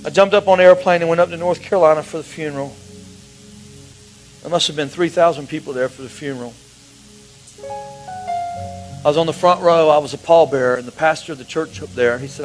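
A man preaching a sermon, telling a personal story with emotion, his voice dropping to a hush and rising again. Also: a little high, low-quality recording. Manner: emotional storytelling, swings from hushed to raised.

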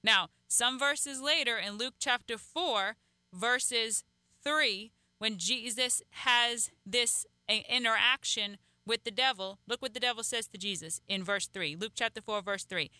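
A woman's voice: on the high side, measured pace, pushed and bright, no echo. A woman teaching from the Bible in a talk show, quoting verses and preaching. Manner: preachy, quotes scripture. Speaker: co-host.

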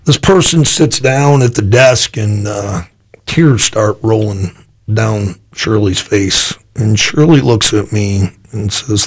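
A man who is a pastor, telling a personal story in a loose, rambling conversational interview. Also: takes it slowly. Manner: animated storyteller, jumps higher when voicing his own thoughts; loose, rambling delivery with restarts.

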